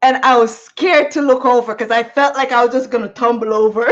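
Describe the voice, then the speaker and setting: Slow-talking woman vlogger. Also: high-pitched, lo-fi sound. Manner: repetitive, laughing, animated storytelling. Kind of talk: casual storytelling.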